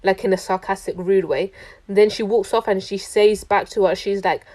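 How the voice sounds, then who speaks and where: A young woman tells a travel story straight to camera. She sounds chatty and indignant, and her sentences are full of "like". Her pitch sits in the middle range. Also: steady tone, normal speed, a little mellow. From London, England. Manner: chatty, indignant, heavy use of "like". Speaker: traveller recounting a trip.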